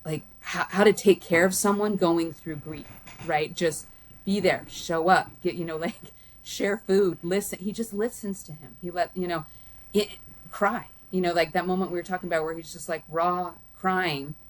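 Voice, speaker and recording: A woman's voice: on the low side, fairly even intonation, moderate pace. A woman talking casually about a film with her son, rambling with many restarts and fillers. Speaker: guest, host's mother. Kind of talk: casual film review chat.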